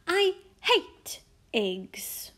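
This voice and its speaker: A woman voicing a whiny, demanding little girl princess who wails in drawn-out cries. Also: very high voice, very animated, a bit bright, voice pushed up, full character voice. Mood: wailing.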